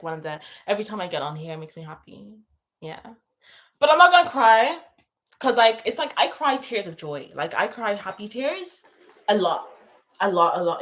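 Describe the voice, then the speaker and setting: A woman's voice: medium pitch, sing-song, fairly quick, fairly bright tone. A young woman hosting a casual livestream, reading out viewer questions and answering them in a chatty, emotional way full of fillers and restarts. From moved to England from abroad. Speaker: YouTube livestream host.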